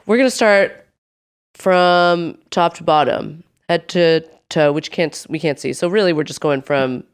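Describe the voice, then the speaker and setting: A woman co-hosting a podcast, chatting casually with a playful, chatty delivery. Her voice sits a little low for a woman and sounds smooth and clear. She stretches words out for emphasis. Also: slow pace. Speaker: podcast co-host. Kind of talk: casual chat.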